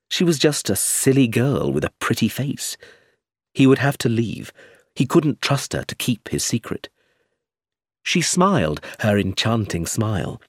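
A man narrating an audiobook chapter in an expressive, dramatic storytelling manner. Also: fairly low pitch, breathy edge, no room sound, studio quality. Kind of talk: scripted narration.

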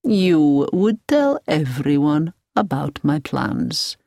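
Smooth creepy old guy, slow and soothing, all business, as a lady reader puts him on, lively ups and downs, dry close sound. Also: medium pitch, no room sound, pitched above the performer's own voice. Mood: calmly menacing. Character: calm, businesslike elderly man, softly menacing captor.

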